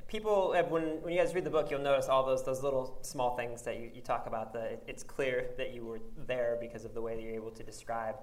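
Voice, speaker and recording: A man's voice: medium pitch, steady tone, fast talker, hardly any pauses. A man interviewing a guest in a casual chat. He is eager and apologetic, and he often restarts his sentences.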